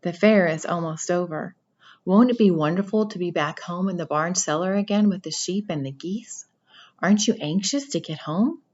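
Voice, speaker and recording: A woman reading a storybook aloud, voicing an earnest young male pig who pleads loudly and desperately. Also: lowish voice, normal speed, highs cut off, natural voice. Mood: wistful.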